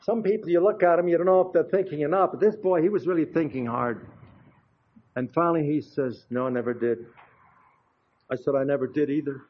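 A man's voice: on the high side, a little fast. An older man preaching in a folksy, chatty way, telling anecdotes with frequent asides to the congregation. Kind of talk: folksy storytelling sermon. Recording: dull lo-fi recording.

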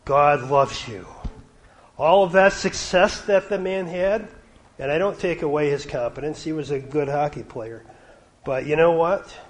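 A middle-aged man from Canada preaching a sermon, his voice sometimes dropping to a hush. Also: mid-range voice, slight background noise, rough recording. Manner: varies loudness, dropping to a hush at quiet points.

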